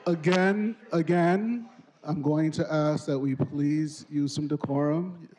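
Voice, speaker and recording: A man moderates a public hearing in a firm, formal manner. His voice sits slightly higher than most men's. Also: flat delivery, a little slow, dark tone, some chatter behind, poor audio.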